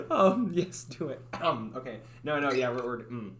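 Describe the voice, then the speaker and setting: A man's voice: mid-range voice, animated, normal speed, fairly bright tone. A man chatting casually on his livestream, rambling about his game project with lots of "like" and frequent restarts.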